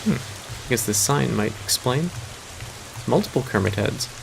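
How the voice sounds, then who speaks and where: A man playing a game on a casual let's-play stream, dry and hesitant, pausing on many uh's. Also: mid-range voice, lively intonation, vocal fry, background noise. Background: video game music.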